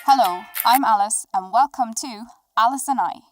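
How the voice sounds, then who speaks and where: A woman voicing a young woman who acts as a teasing talk-show host and interviews herself in an animated film. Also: a little high, normal speed, no echo, faint music behind, lightly acted.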